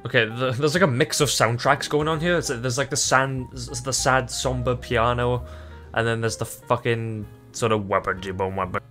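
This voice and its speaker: Excitable, foul-mouthed gaming commentator man. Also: medium pitch, moderate pace, soft background music. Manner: excitable, swears freely, laughs often; rambling, self-interrupting. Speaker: gaming YouTuber. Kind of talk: gameplay commentary.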